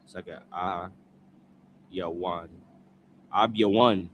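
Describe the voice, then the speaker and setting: Man haltingly sounding out scripture. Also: sits low, steady tone, slight background noise. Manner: halting, sounding out words, repeating after a prompter. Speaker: scripture reader. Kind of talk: reading scripture aloud syllable by syllable.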